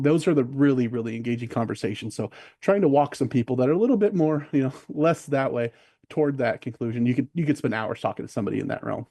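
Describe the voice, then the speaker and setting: A man talks quickly in a relaxed interview, his words tumbling out with fillers and restarts. His voice is mellow and dark, and the sound is dry and close. He slips into quoted voices of other people as he talks. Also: mid-range voice, no room sound. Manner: fast, rambling, many fillers and restarts. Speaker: podcast guest. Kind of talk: casual conversational interview.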